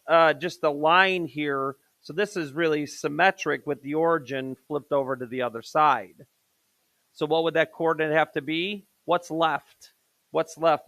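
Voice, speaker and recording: A man's voice: on the high side, fairly bright tone, no room sound. A male math teacher lecturing a live class, counting steps aloud, quizzing students and correcting himself on the fly.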